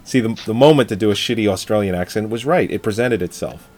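A man's voice: lowish voice, fast talker, darkish tone. A man co-hosting a casual film chat podcast, joking and swearing, often laughing. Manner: jokey, swears, laughs often, reads article aloud. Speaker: podcast co-host.

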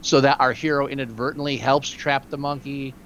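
A man co-hosting a podcast in casual movie chat, wry and opinionated, quick to joke. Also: medium pitch, fairly even intonation, fairly bright tone, muffled recording, slight background noise. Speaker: podcast co-host.

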